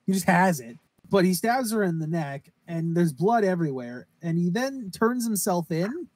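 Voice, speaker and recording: A high-pitched, animated man talks at a moderate pace in a slightly mellow voice, with no room sound. He's a podcast co-host casually recapping a horror anime, rambling, swearing and acting out the quotes.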